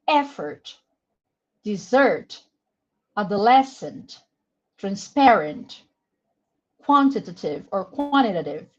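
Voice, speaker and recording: A woman with a Brazilian accent leading a live online webinar for English teachers, carefully explaining pronunciation and encouraging participants by name. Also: on the high side. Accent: Brazilian Portuguese. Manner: encouraging, reads out names from chat; slow, careful word-by-word explanation. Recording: muffled lo-fi webinar audio.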